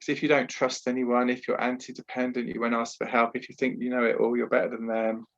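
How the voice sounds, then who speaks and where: A man's voice: medium pitch, level tone, fast, highs cut off. A man working as a trauma therapist and talking earnestly in a podcast interview over a video call, explaining at length with frequent restarts. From Britain.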